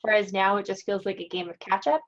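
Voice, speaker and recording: A woman's voice: medium pitch, fast talker, lo-fi sound. A woman co-hosting a gaming podcast, talking in an emphatic, opinionated way. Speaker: podcast co-host. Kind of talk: casual chat.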